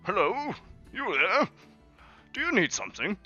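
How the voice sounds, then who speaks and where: A man's voice: sits high, huge pitch swings, a little slow, pushed and bright, slightly rough, voice pushed up, exaggerated voice. A man voicing a fussy, theatrical old male shopkeeper with a monocle, in a muffled lo-fi recording with faint music behind. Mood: curious.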